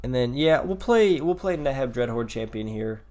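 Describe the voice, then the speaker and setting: A man's voice: mid-range voice, expressive, normal speed, dark tone, faint music behind. A man giving casual commentary over his own card game, rambling and thinking aloud with fillers, yawning and a bit tired. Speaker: gameplay commentator.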